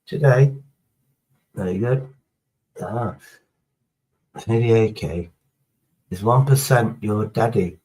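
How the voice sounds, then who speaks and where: A man's voice: fairly low pitch, slow pace, pauses often, darkish tone, low-quality recording. Rambling, foul-mouthed man streaming. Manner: rambling, heavy swearing, chatty storytelling. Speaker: live streamer. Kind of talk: casual live-stream chat.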